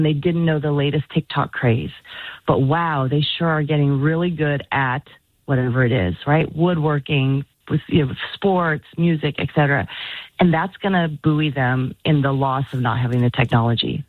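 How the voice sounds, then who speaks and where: A woman speaking in a fairly low voice gives earnest, encouraging advice as a radio guest. Her voice comes through a thin phone line. The sound is dry and close. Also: fairly even intonation, normal speed, no room sound. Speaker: guest author. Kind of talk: call-in radio talk.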